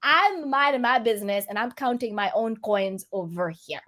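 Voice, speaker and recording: A woman hosting a casual chat, talking in an animated way and laughing often. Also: a little high, normal speed. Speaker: host.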